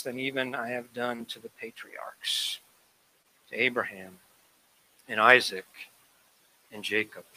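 Bright-toned man preaching with animated emphasis. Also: medium pitch, low-quality recording. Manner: animated, acts out quoted voices, rises to loud emphasis. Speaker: pastor. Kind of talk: sermon.

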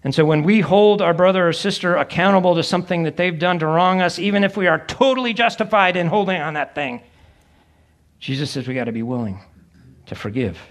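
A man's voice: high-pitched, brisk. A middle-aged male pastor preaching a sermon in a conversational way, acting out the voices of people he quotes.

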